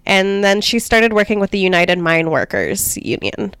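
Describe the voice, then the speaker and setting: A woman's voice: mid-range voice, animated, moderate pace, fairly bright tone, clear, resonant tone, no echo. A woman co-hosting a comedy podcast, telling a history story in casual chat, full of "like" and "um". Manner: chatty storytelling with lots of "like" and "um". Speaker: podcast co-host.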